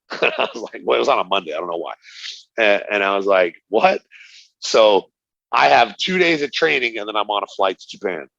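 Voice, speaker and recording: A man's voice: fairly low pitch, expressive, a little fast, creaky, pushed and bright, no room sound, highs cut off. A middle-aged man, a former fighter, telling stories animatedly in an interview, acting out the dialogue and laughing often. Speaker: interview guest, retired fighter. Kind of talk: casual storytelling interview.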